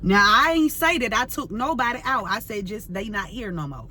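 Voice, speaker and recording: A woman's voice: on the high side, animated, moderate pace, sharp tone, slight background noise. A woman tarot reader ranting to camera, fiery and profane, full of slang and repeating herself as she vents. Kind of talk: heated unscripted rant to camera.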